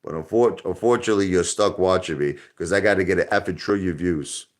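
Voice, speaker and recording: A man hosting a live stream in casual, rambling talk, joking loudly at times and turning quiet and somber at others. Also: low-pitched, a little fast. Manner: loud, joking, rambling, swings into soft somber tones.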